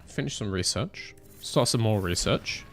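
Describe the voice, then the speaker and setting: A man's voice: fairly low pitch, lively intonation, unhurried, a bit bright, faint music behind. A young man streaming a racing management game, chatting casually with joking banter and mock outrage. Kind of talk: casual live-stream chat.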